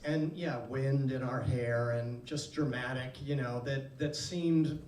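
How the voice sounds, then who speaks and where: A man's voice: medium pitch, steady tone, measured pace, a little mellow, far from the mic, a little hiss or hum. A man recalling stories from a film shoot at a live screening Q&A, in a conversational, dry way. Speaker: actor guest. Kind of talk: casual panel Q&A. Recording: echoey venue audio from afar.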